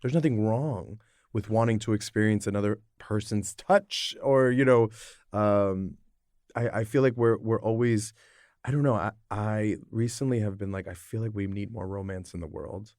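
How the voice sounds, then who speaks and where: A man, an actor, talking as a podcast guest in a rambling, animated way, full of "like" and "you know". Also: lowish voice, moderate pace, no echo, clean studio sound. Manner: rambling, filler-heavy, animated when storytelling. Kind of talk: casual conversation.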